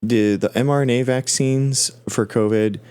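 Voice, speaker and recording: A man's voice: medium pitch, fairly even intonation, moderate pace, darkish tone, smooth. A man hosting a live science question-and-answer stream, answering in a hesitant way with many restarts and fillers. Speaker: host.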